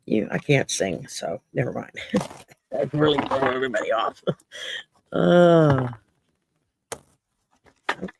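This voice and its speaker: Against a noisy background, a woman with a rumbling low, gravelly voice speaks slowly with lively intonation and frequent pauses. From Louisiana and carrying a Cajun accent, she hosts a casual late-night stream where she reads cards for viewers. Her jokes are salty, she swears freely, and she laughs often.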